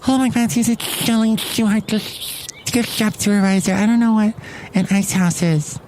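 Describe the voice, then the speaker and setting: A shrill female gift shop supervisor, put on by a man in a high, loud voice. She speaks bluntly and literally, in a comedy podcast bit. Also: steady tone, moderate pace, slight background noise, close to an everyday voice. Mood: chirpy.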